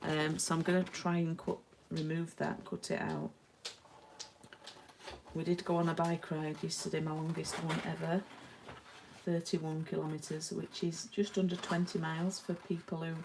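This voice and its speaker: A woman's voice: low-pitched, little pitch movement, a little slow, noisy background. A woman giving a chatty live-streamed card-making lesson and greeting viewers by name. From England.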